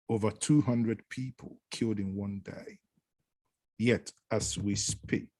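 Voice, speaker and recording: Low-voiced man hosting an online panel. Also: darkish tone, dry recording. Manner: measured, formal, uses adages. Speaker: host. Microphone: video call.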